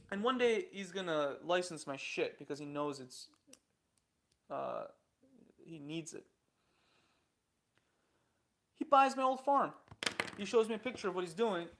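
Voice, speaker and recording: Blunt, profane, high-pitched man telling his story. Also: expressive, normal speed, sharp tone. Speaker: indoor farming founder telling his story. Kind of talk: casual storytelling.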